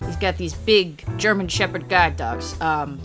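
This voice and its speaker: A woman's voice: fairly low pitch, measured pace, music in the background. A woman running a tabletop game in a playful, laughing way.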